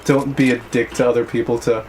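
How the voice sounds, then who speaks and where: A man's voice: mid-range voice, flat delivery, fast talker, a little mellow, a little hiss or hum. A young man co-hosting a gaming video, chatting casually with short laid-back replies while playing. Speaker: gaming co-host. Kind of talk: casual let's-play chat.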